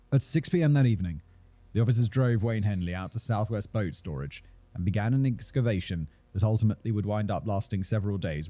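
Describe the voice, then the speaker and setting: A man narrating a true-crime video in a measured, scripted storytelling delivery. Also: lowish voice, warm tone.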